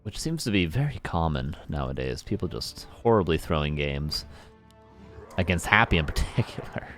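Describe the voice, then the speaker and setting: Lively playful male game caster. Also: low voice, moderate pace. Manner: playful, chatty, joking asides. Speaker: esports caster. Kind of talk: live game commentary. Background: faint game music.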